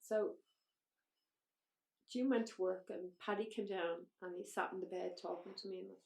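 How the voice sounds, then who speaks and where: A woman's voice: medium pitch, fairly even intonation, normal speed, creaky, a little mellow, reverberant. An Irish woman, a podcast guest, recounting her own story bluntly and emotionally, with frank swearing. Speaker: interview guest. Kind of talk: personal storytelling in a podcast interview.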